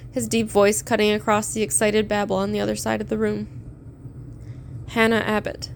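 A woman narrating a story aloud in a steady, measured reading. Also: mid-range voice, vocal fry, slight background noise. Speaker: fan fiction reader.

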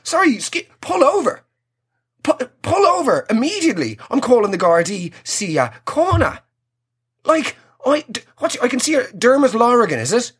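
A man voicing an indignant high-powered businesswoman, scolding in a comedy bit. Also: fairly bright tone, slightly rough, full character voice.

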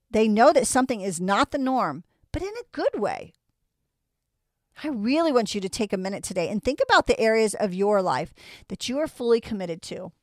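A woman's voice: fairly high pitch, no echo, studio quality. A woman preaching a sermon in an earnest way, asking her listeners one rhetorical question after another.

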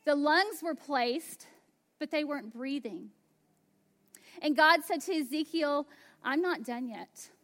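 Slow, high-voiced woman preaching. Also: animated. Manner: slow, emphatic preaching with soft, hushed asides. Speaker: pastor. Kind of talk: sermon.

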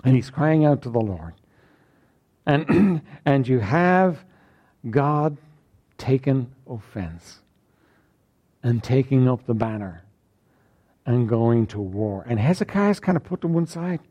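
A man's voice: expressive, slow, long pauses, warm tone, dull audio. A male pastor preaching a sermon, reading scripture aloud and then retelling it in everyday words. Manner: reads King James scripture then paraphrases it in plain talk; preaching, rising high and emphatic at points.

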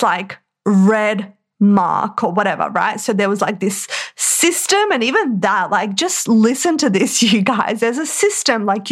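Give me a woman with a medium-pitched voice giving an emphatic, casual motivational talk. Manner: chatty, heavy use of "like", emphatic.

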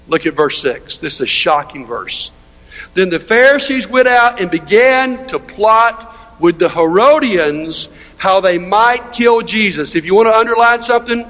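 A man's voice: high-pitched, fairly bright tone. A male pastor preaching a sermon in an emphatic, conversational way, asking his listeners rhetorical questions. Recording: long reverb of a large hall.

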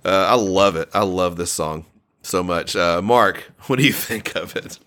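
Low-ish guy rambling excitedly about a song, lots of ums and restarts. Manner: enthusiastic, halting, lots of fillers and restarts. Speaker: podcast co-host reviewing an album. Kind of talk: casual music discussion.

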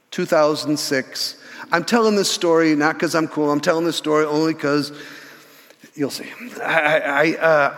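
Gravelly older man preaching in a hall. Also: on the high side. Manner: animated storyteller with repeated restarts. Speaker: pastor. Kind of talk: sermon storytelling. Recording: reverberant church hall.

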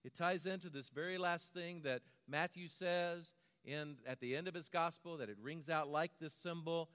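American preacher in a reverberant hall. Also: male voice, fairly high pitch, moderate pace, hardly any pauses, clean tone. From United States. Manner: quiet storyteller building to a rhythmic litany. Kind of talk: sermon with personal storytelling.

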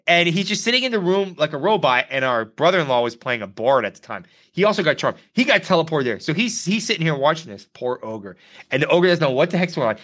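Podcast co-host, male, bright and punchy, tells stories animatedly. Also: fairly high pitch, fast talker. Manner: animated storyteller, acts out quotes. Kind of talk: casual gaming podcast chat.

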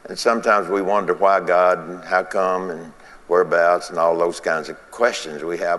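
Male preacher, slow deliberate delivery, low voice, big echoing church sound. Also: steady tone, fairly bright tone. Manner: folksy, repeats phrases, laughs between points. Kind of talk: sermon.

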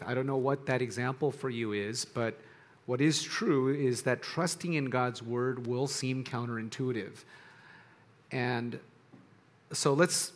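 A man preaching a sermon to students in a conversational way, often restarting his sentences and dropping softer on quiet points. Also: medium pitch. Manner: conversational, searching for words with restarts. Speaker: pastor.

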